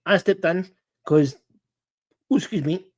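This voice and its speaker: Halting, earnest man hosting a chat stream. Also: high voice. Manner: halting, earnest, many restarts and repeats. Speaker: live-stream chat host. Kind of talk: casual live-stream chat.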